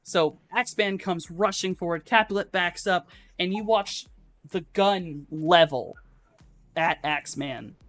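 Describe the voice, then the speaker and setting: A woman running a tabletop game as game master, narrating the action in a loose, profane way with many pauses. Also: fairly low pitch, a bit bright. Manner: loose and profane, halting with fillers.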